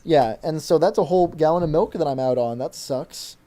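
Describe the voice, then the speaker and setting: A man's voice: a little high, a little fast, warm tone. A young man in his late teens telling a story on a casual podcast, rambling with lots of fillers, on a desktop mic with a pop filter at home. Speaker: podcast co-host. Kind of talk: casual chat. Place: home desk setup.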